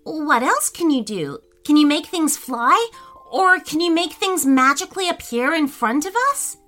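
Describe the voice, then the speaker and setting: A woman's voice: very high voice, wildly swooping pitch, slow, bright, forceful tone, soft background music, voice pushed up, heavily acted. A woman voicing a curious young boy who asks lots of questions.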